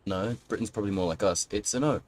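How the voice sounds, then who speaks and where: A young Australian man with an Australian accent, sick and sounding rough, chatting casually to his stream while he plays and often laughing. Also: fairly low pitch, fast, slight background noise, rough recording. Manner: rambling, laughs often, talks to chat while playing. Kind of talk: casual gaming stream chat.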